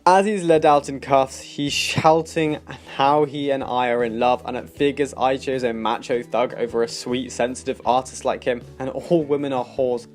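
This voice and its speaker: A man with a British accent narrating a forum story in a steady, scripted read. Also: medium pitch. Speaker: story reader. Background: faint background music.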